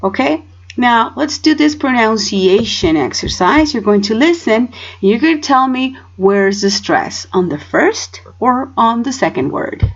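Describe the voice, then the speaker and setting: A woman's voice: a little high, expressive, a little slow, highs cut off. A woman teaching English in a recorded home lesson. She explains step by step and often checks in with "okay?".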